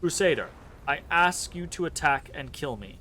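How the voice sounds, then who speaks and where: A man voicing an imprisoned male metal construct in a flat, semi-robotic delivery of clipped, protocol-style statements. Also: on the high side, normal speed, slight background noise, pitched above the performer's own voice. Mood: clinical. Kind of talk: reading game dialogue aloud.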